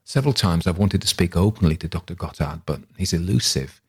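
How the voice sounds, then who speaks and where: A man reading a literary story aloud in a measured, reflective way. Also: deep voice, darkish tone, slightly rough. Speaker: reader.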